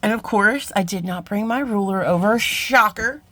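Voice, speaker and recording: A middle-aged woman speaks fairly quickly in a medium-pitched, fairly bright voice while walking viewers through making jewelry. Her chat is casual and self-deprecating, as though among friends.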